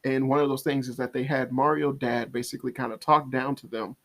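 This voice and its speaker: A man's voice: mid-range voice, fairly even intonation, a little fast. A man giving a casual spoken movie review, rambling and exasperated, often restarting and acting out quoted asides.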